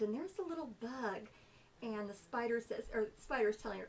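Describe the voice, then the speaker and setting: A woman's voice: a little high, moderate pace, distant mic, low-quality recording. A woman hosting a casual show-and-tell, bubbly and enthusiastic, then reading a story aloud. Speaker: host.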